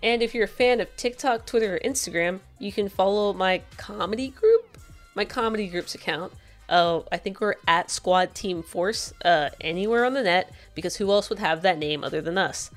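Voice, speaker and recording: A woman's voice: medium pitch, moderate pace, soft background music. A woman guesting on a podcast, chatting casually and telling a long joke. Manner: relaxed, chatty, with fillers and laughter.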